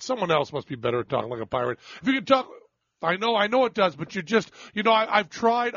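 A man's voice: on the high side, a bit bright, no room sound, highs cut off. A man hosting a call-in radio show, joking and teasing a caller with frequent stammering restarts. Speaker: radio talk show host. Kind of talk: casual call-in chat.

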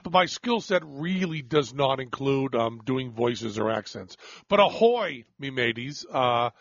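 A man's voice: medium pitch, unhurried, fairly bright tone, no room sound, lo-fi sound. A man hosting a radio show, chatting casually and rambling in a self-deprecating way with many restarts.

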